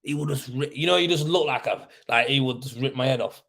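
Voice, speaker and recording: A man's voice: medium pitch, fast talker, creaky, a bit bright. A man, a plasterer, chatting casually on a live stream and telling work stories, laughing often and swearing freely.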